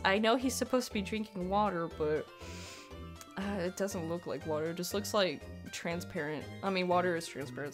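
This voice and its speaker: A young woman giving casual, rambling commentary over a speed paint, giggling often and poking fun at her own work. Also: on the low side. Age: young adult. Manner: giggly, rambling, self-deprecating. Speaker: digital artist.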